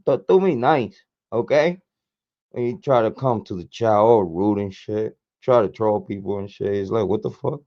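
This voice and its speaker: A hoarse man hosting a true crime livestream, cursing freely and hyping his chat with repeated chants, speaking into a desk mic. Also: on the low side, normal speed, muffled recording. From Puerto Rico. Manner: profane, repetitive hype chants. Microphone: desk microphone, camera off.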